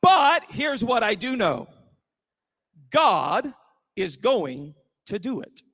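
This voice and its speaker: A male pastor telling a sermon story at a rally, building up to shouts. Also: high voice, big pitch swings, slow. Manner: preachy, rising to shouts.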